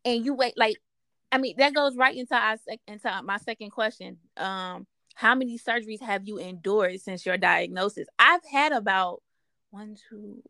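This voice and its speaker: A woman's voice: medium pitch, normal speed, bright, forceful tone, no echo. A woman asking questions in a casual conversation, recounting her own experience with lots of fillers and restarts. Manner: emotional storytelling with frequent fillers.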